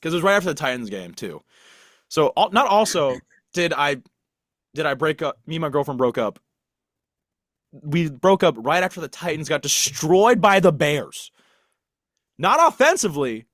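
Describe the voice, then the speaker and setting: A man's voice: on the high side, a bit bright, dry recording, studio quality. Young man rambling in casual chat. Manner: rambling, self-deprecating, many restarts and fillers. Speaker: podcast co-host.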